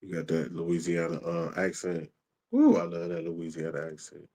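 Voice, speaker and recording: A man with a very low, deep voice hosts a casual livestream. He talks in a relaxed, slangy way, greeting viewers by name and reading their comments aloud. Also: normal speed, gravelly, rough recording. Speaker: livestream host.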